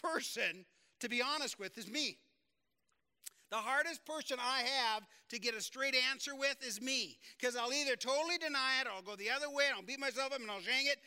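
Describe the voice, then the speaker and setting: A man's voice: very high-pitched, sharp tone, clear, resonant tone. A male pastor giving an earnest, conversational sermon, repeating phrases for emphasis.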